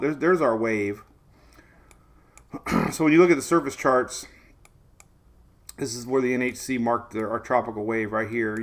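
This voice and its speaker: A man in his forties hosting a casual live weather stream, chatty and rambling, laughing often and greeting viewers by name. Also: mid-range voice. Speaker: weather show host.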